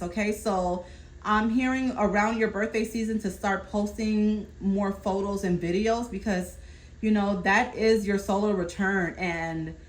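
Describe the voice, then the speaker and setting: A woman doing a casual tarot reading, calmly relaying messages from spirit and often checking in with her listener. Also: medium pitch, poor audio. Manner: reassuring, keeps checking in with "okay?". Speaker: tarot reader.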